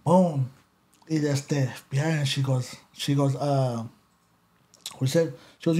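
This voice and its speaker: Speaking at a medium pitch, slowly and with long pauses, a Los Angeles-area podcast guest spins a casual story during an interview. He stays animated and profane, moving between English and Spanish.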